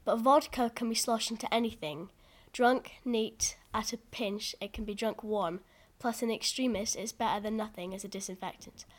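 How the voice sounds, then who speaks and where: A man voicing a dry-humoured woman aid volunteer in a soft, quiet voice. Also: sits high, steady tone, moderate pace, voice pushed up, lightly acted. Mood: wry.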